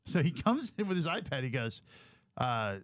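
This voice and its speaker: A man co-hosting a casual podcast, joking and teasing in quick asides. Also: on the high side, sing-song, fairly bright tone, no echo, studio quality. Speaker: podcast co-host. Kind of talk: casual chat.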